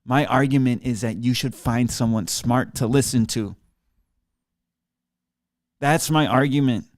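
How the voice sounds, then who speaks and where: Ranting sarcastically and profanely at his audience, a solo podcast host speaks at a measured pace in a mid-range voice. He uses a desk mic in front of a computer in a small studio, and there's no room sound.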